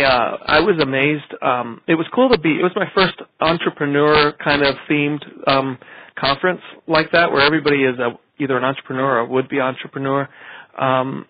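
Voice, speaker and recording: Business-founder man, easygoing, lots of ums, muffled lo-fi sound. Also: mid-range voice. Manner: relaxed, with many fillers. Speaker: distillery co-founder. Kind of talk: casual interview. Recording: dull lo-fi audio.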